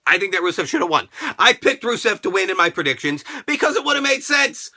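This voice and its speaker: High, bright, excitable male ranter. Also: quick pace, few pauses. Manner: excitable, crude, shouting rants. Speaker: host. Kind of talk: casual profane wrestling review.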